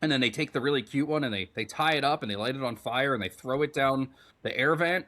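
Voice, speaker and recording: A man co-hosting a podcast in casual chat, animated and rambling, swearing freely. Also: medium pitch, fast. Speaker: podcast co-host.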